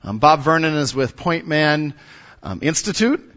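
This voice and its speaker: A man introducing a guest speaker at church, talking in halting bits with many fillers. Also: fairly high pitch, expressive, a bit bright, lo-fi sound.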